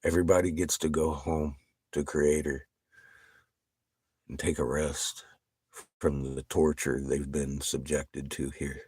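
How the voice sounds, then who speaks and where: A man chatting casually with viewers on a livestream. He swears constantly, gets excited and laughs often. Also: rumbling low, a little slow, long pauses, breathy edge, no room sound.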